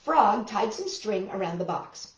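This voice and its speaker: A woman hosting a children's storytime, reading aloud and singing with a gentle, clear delivery. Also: mid-range voice, sing-song, unhurried, echoey room, rough recording.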